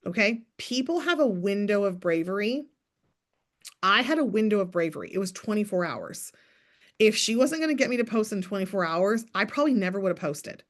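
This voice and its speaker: A woman in her thirties coaching a sales team in a lively, chatty way, acting out sample messages as she goes. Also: mid-range voice, a little fast. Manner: energetic, chatty, acts out sample messages in bright voices. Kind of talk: motivational coaching talk.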